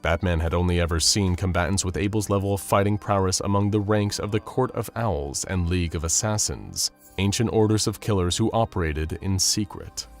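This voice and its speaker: A man narrating a scripted action story in a steady, dramatic storytelling manner. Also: low-pitched, a little fast, hardly any pauses, soft background music.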